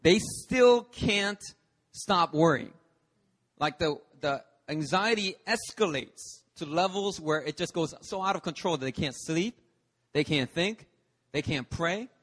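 A man's voice: fairly high pitch, lively intonation, unhurried, fairly bright tone. Emphatic preacher man in reverberant hall. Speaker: pastor. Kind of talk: sermon. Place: church service. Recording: long reverb of a church hall.

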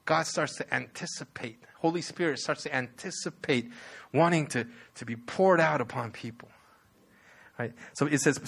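A man's voice: a little high, vocal fry, fairly bright tone. A man preaching a sermon, telling the story with animation and asking the audience rhetorical questions.

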